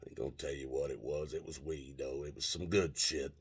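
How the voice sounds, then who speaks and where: Gravelly man telling a rambling story. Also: rumbling low, fairly even intonation, fairly quick. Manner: rambling, profane, frequent restarts. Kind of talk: casual storytelling.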